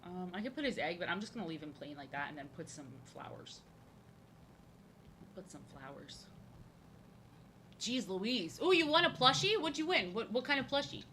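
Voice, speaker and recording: A woman's voice: mid-range voice, expressive, moderate pace, pauses often, sharp tone, slight background noise. A woman streaming as she draws, chatting casually in a rambling, jokey way and repeating her phrases. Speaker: live-streaming artist. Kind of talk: casual chat while drawing on stream.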